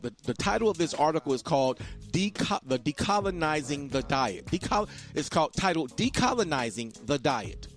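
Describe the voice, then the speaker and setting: A man hosting a podcast, talking in an emphatic, repetitive monologue and preaching to his listeners. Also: medium pitch. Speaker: podcast host. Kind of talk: casual monologue.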